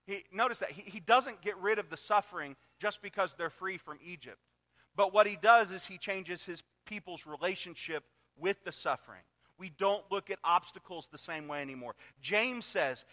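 A high, bright-voiced man preaching to his congregation. He delivers the sermon with animated emphasis, punching key words loudly, then easing into softer asides. His voice rings out in the long reverb of a large hall. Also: moderate pace. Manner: animated preaching with sudden loud emphatic repeats. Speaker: pastor.

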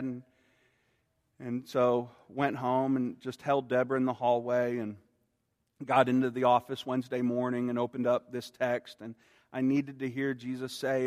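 A man preaching a sermon in an earnest way, growing soft and slow on quoted words. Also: medium pitch, long reverb tail. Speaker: pastor.

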